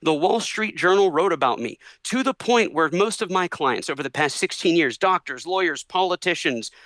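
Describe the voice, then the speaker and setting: A man chats as a guest on a podcast, spinning a long story with lively energy. His voice sits a bit high, and he jumps into the voices of the people he quotes. The recording is close and dry, with almost no room sound. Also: moderate pace, no room sound, poor audio. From Orlando, Florida area. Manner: animated, acts out voices in quotes. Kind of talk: storytelling in a casual interview.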